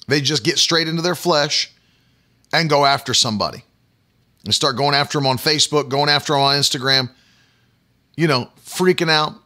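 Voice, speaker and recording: A man's voice: fairly high pitch, normal speed, long pauses, sharp tone. A man preaching a livestreamed sermon, emphatic and repetitive, stopping to talk to his online viewers. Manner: emphatic, repeats phrases, talks to online viewers.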